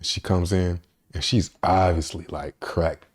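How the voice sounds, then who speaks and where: A man hosting a podcast, telling a story in a relaxed, profane way and often laughing as he talks. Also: low voice, unhurried, background noise. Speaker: podcast host. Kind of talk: casual storytelling monologue.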